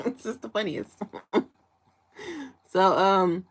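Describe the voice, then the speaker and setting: This Chicago host in her 20s has a mid-range voice, speaks a little slowly, and leaves long pauses. She's chatty and giggly on her livestream, reading viewer comments aloud.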